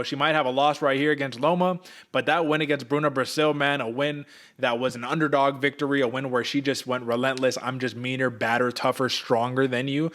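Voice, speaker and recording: A man's voice: medium pitch, a bit bright. A young man co-hosting a casual sports betting podcast, hyped and slangy, calling the listener brother and folks. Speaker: podcast co-host.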